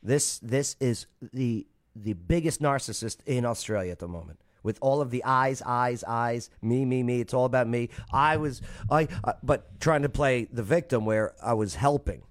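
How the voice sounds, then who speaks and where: A man co-hosting a casual chat, reacting to news stories in an animated, joking and sarcastic way. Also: mid-range voice, normal speed, hardly any pauses. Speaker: co-host.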